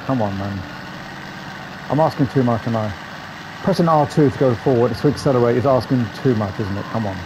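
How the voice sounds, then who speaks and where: A man hosting a gaming channel, giving chatty, profane, grumbling let's-play commentary. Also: mid-range voice. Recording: game engine noise behind voice.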